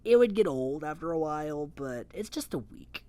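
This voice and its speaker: A man's voice: on the high side, animated, moderate pace, dark tone. A man talking casually and offhandedly as a recap host, swearing freely and chuckling often between points. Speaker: reality show recap host.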